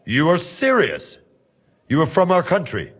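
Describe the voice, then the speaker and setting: An actor playing a cautious male guard from Hungary in a game cutscene, measured and calculating. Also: fairly high pitch, wildly swooping pitch, fairly bright tone, full character voice.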